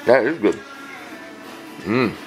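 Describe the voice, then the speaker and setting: A man's voice: fairly low pitch, animated, takes it slowly, faint music behind, poor audio. A man hosting a casual home cooking vlog, joking and coaxing others to taste the food. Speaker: home cook vlogger. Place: home kitchen.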